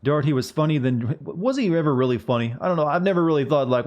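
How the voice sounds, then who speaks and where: A man's voice: on the high side, lively intonation, fast, darkish tone, highs cut off. A man streaming a video game, chatting casually and joking with his chat as he plays. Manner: rambling, joking asides to chat. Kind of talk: casual gameplay commentary.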